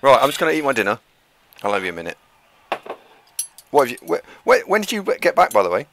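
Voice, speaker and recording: A man's voice: medium pitch, big pitch swings, fast, background noise. A man co-hosting a live stream, casual and laid-back, thinking aloud. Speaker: stream co-host.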